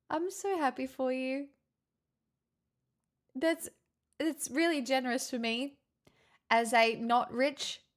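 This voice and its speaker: A woman streamer chatting casually with her viewers, flustered and giggly, thanking them in stop-start bursts. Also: sits high. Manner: flustered, giggly, grateful, talks in stops and restarts. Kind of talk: casual live-stream chat.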